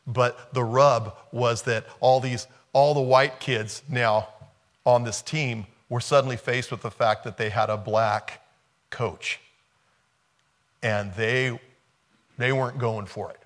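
A man's voice: mid-range voice, steady tone, takes it slowly, fairly bright tone. A man preaching a conversational sermon, retelling a film scene and repeating rhetorical questions.

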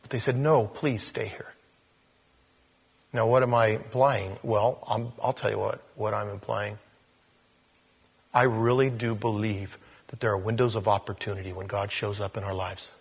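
A man preaching a sermon in a conversational way, growing animated as he reads scripture aloud. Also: lowish voice, normal speed, vocal fry, breathy edge, big-room sound.

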